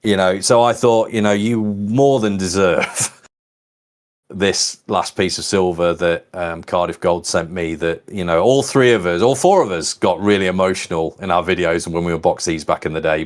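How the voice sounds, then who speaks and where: A man, co-founder and host, chatting casually and rambling with plenty of "you know". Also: low voice. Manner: rambling, warm-hearted, lots of "you know". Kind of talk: casual livestream chat.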